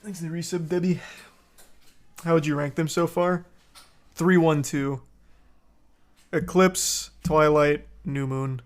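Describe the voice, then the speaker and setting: A man's voice: a little high, fairly even intonation, slow, pauses often. A man streaming, casually recapping a movie and chatting with viewers in a rambling, joking way. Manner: rambling recap with crude jokes. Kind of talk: casual chat.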